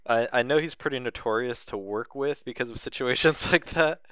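A man's voice: medium pitch, a little fast, a bit bright, clean tone, no echo. Dry-sounding man, casual movie chat. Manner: enthusiastic, swears casually.

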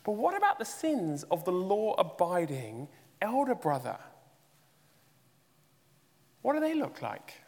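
A man delivering a sermon with a voice pitched a little high, leaning hard on rhetorical questions and emphatic rises. A long reverb trails each phrase as it rings through a large hall. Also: huge pitch swings, a little slow, long pauses, a little mellow. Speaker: preacher.

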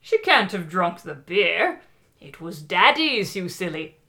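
A woman's voice: fairly low pitch, big pitch swings, takes it slowly, bright, forceful tone, voice pushed down, full character voice. A woman voicing a fussy, prim older British housewife in a put-on charwoman-style British accent. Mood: indignant. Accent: put-on British, Monty Python charwoman style.

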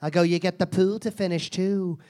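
A crude, foul-mouthed self-help seminar guru in a live comedy act, a man putting her on. She mocks and insults her audience with theatrical scorn, in a voice pitched a touch higher than usual. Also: steady tone, moderate pace, warm tone, lightly acted. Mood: brash. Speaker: comedian performing a character. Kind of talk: live stand-up character act.

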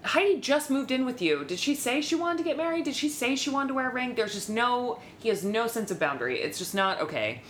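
A woman's voice: a little high, very animated, fairly quick, few pauses, fairly bright tone, a little hiss or hum. A woman co-hosting a podcast, recapping a reality show from her notes in a sarcastic, casual way and swearing now and then. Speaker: podcast co-host.

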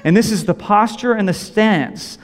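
A man's voice: sits high, moderate pace. A middle-aged man preaching a sermon as a pastor, earnest and repeating key phrases for emphasis. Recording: long reverb of a large hall.

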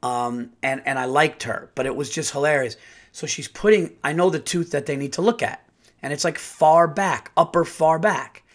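A man hosting a podcast, telling a rambling, profane, animated story in a casual way. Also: fairly high pitch, normal speed. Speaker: podcast host and comedian.

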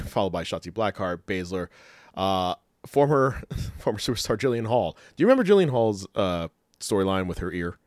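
A man with a low voice talks casually as a podcast co-host. He rambles, laughs often, and leans on fillers. The sound is dry and close, with no room echo. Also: big pitch swings, normal speed, darkish tone. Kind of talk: casual chat.

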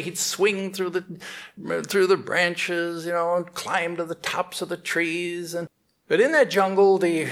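A man giving a spiritual teaching and telling a story, halting often and restarting his phrases. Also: fairly high pitch.

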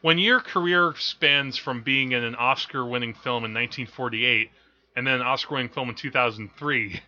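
A man's voice: medium pitch, normal speed, bright, forceful tone. A man co-hosting a film podcast, rambling and correcting himself as he goes, often laughing at his own stories, on dull lo-fi audio. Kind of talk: casual chat about films.

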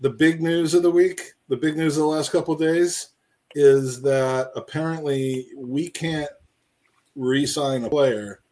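A man's voice: a little high, measured pace, dark tone. A man co-hosting a casual football podcast, rambling and joking as he reads out names from the live chat. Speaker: podcast co-host.

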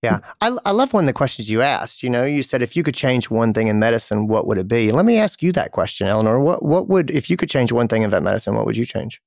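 A man's voice: medium pitch, very animated, fast talker, creaky, few pauses, a little mellow, no echo, studio quality. A male podcast host talking in an easygoing way, often repeating a word as he starts a thought. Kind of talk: conversational interview and ad read.

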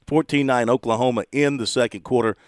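A man's voice: medium pitch, steady tone, a little fast, dry recording, studio quality. Jovial man hosting a sports radio show. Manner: jovial, laughs often while reading spreads. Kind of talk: casual radio chat.

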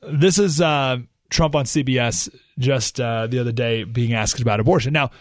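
A man hosts a talk radio show in an animated, sarcastic monologue. His pitch sits mid-range. The sound is dry and close, with no room around it. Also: moderate pace, dry recording. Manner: animated, sarcastic, rhetorical questions.

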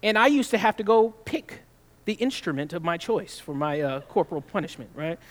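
A man from the Southern United States preaching a sermon, emphatic, drawing out scripture slowly and often adding "right?". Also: sits high, lively intonation. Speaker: pastor.

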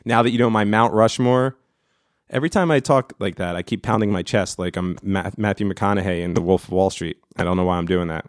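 A middle-aged man hosting a solo podcast, ranting with lots of swearing and breaking into loud screams. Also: sits low, fairly quick, no echo, studio quality. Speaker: podcast host. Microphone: studio mic.

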